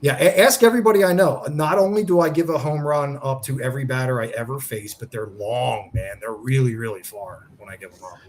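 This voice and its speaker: On a laid-back podcast, a guest who founded a charity recounts a long sports story, acting out people's lines with real animation. His voice sits in the mid range and comes fairly quick, with hardly any pauses.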